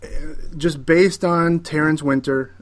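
A man co-hosting a casual chat about a TV show, animated and opinionated, repeating words as he builds his point. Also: fairly high pitch, unhurried. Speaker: podcast co-host.

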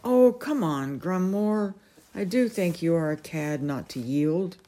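A woman's voice: on the low side, expressive, slow pace, dark tone. A woman voicing a bumbling, whiny king in a storybook reading, petulant and plaintive. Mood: pleading. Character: bumbling, whiny middle-aged king, a knight.

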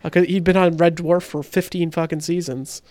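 A man with a fairly high voice talks over a movie he just watched, wandering off on cast trivia and swearing freely. The sound is dry and close-miked, with no room at all. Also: steady tone, fairly quick, a little mellow, dry recording. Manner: rambling, profane, trivia-heavy. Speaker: podcast co-host. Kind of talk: casual movie-review chat.

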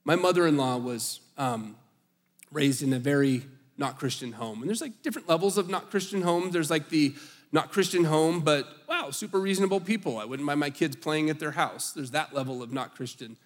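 A male pastor preaching a sermon, talking in a chatty, storytelling way and often restarting his words. His voice sits a little high. It rings out with a long reverb, as in a big hall. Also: moderate pace. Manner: conversational, animated storytelling with slips and restarts.

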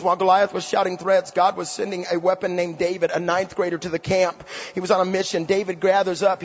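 High voiced preacher guy, shouts then goes real quiet, kinda dull lo-fi sound. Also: big-room sound. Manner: intense, swings from shouting to hushed. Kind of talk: sermon.

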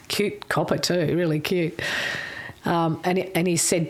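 An older Australian woman telling a candid personal story in a frank, wry, salty way, her voice going a little hoarse. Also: lowish voice, little pitch movement, moderate pace, slight background noise. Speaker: interviewee.

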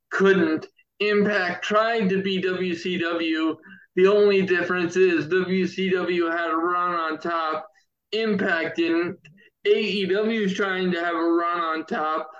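A man's voice: sits high, a bit bright, muffled recording. A man co-hosting a wrestling podcast, bluntly giving his opinions and swearing along the way. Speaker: podcast co-host. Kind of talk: casual chat.

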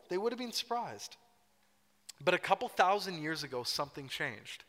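A man's voice: sits high, very animated, moderate pace, bright, forceful tone. A man preaching a sermon as pastor, telling a story in a conversational way and acting out quotes playfully. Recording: reverberant hall.

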